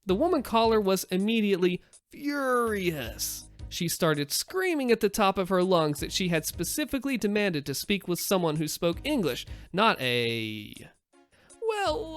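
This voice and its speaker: A man narrating internet stories with a wry, knowing delivery. His pitch swings widely from line to line, with faint music behind him. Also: sing-song, unhurried, dry recording. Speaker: story narrator. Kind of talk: reading internet stories aloud.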